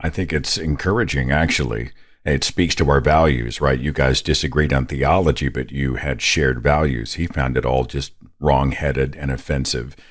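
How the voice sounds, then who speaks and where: Deep-voiced male podcast host. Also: fairly even intonation, moderate pace. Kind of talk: interview and reading.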